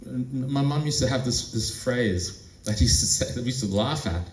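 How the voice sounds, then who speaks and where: A man gives a talk in a conference room, telling stories in a relaxed conversational way and turning to the audience with questions. His voice sits at an ordinary pitch. It echoes around the room and comes from some way off the microphone, with faint ambience behind. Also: normal speed, a little hiss or hum. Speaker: presenter. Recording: roomy, distant mic.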